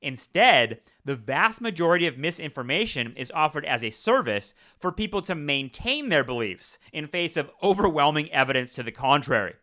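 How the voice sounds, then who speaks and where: A man's voice: on the high side, big pitch swings, normal speed, few pauses, pushed and bright. A man hosting a podcast, reading news aloud and breaking off into sarcastic, profane asides. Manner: sarcastic, profane asides between read passages. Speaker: podcast host.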